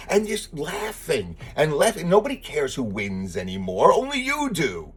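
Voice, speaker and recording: A man's voice: on the high side, wildly swooping pitch, normal speed, few pauses, noisy background. A man delivering a profane, sarcastic political rant as a commentator, exasperated and blunt. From lives in Texas. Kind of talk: ranting monologue.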